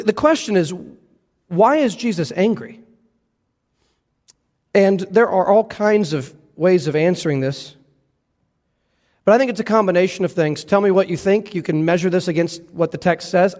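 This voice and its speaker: Man preaching, high voice, earnest, low slow emphasis, echoing sanctuary. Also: a little mellow. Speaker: pastor. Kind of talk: sermon.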